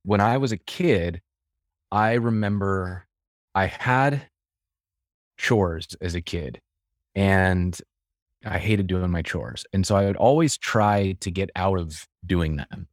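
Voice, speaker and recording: Low-voiced man telling a story. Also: slow pace, no room sound, clean studio sound. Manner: reflective storyteller with frequent restarts. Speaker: guest. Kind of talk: conversational interview.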